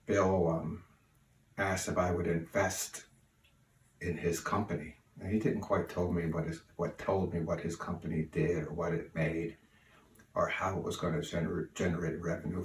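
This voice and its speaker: An older man sharing memories of his cousin in an unhurried, folksy way with plenty of fillers, recorded at home. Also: deep voice. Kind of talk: spoken remembrance. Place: room at home. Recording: roomy, distant mic, faint hiss.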